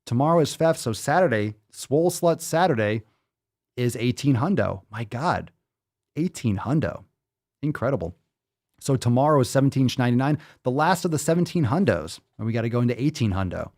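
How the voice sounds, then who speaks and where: A man hosting a casual live podcast, loud, joking and full of profanity. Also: mid-range voice, lively intonation, a little fast. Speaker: podcast host.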